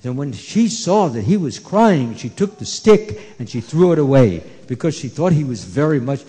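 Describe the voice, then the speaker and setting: Animated male storyteller in an echoey hall. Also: medium pitch, moderate pace, breathy edge. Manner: animated, asks the kids questions, hushes them. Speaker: storyteller at a temple children's event. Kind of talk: storytelling to children. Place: temple hall.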